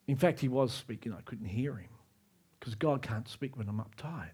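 A man preaching a sermon as pastor, moving between soft, low asides and raised, emphatic climaxes. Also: moderate pace, slightly rough.

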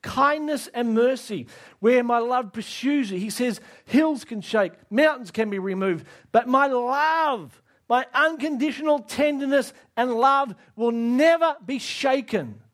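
A man preaching a sermon, emphatic, asking the audience direct questions and rising to near shouts on key lines. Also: extremely high pitch, a little slow.

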